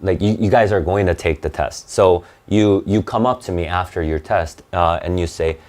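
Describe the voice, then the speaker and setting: A man's voice: sits low, moderate pace, a little mellow. A man teaching an SAT class, explaining in bursts and checking in with "right?" and "okay?". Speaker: SAT tutor. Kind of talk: live online class lecture.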